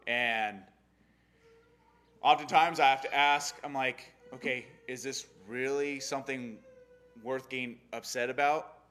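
A young adult man giving a casual sermon on a Bible story, animated and acting out the characters' lines. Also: mid-range voice, measured pace. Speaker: Bible study teacher.

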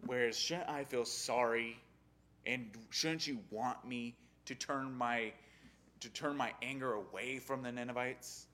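Bright-voiced man teaching a Bible story. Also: mid-range voice, unhurried. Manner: animated, acting out the characters' lines. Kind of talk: casual sermon on a Bible story.

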